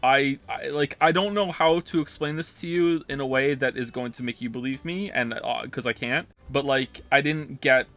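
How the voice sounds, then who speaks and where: A man's voice: mid-range voice, moderate pace, hardly any pauses, a bit bright. A man streaming a game live, chatting casually, rambling and interrupting himself while reading chat aloud.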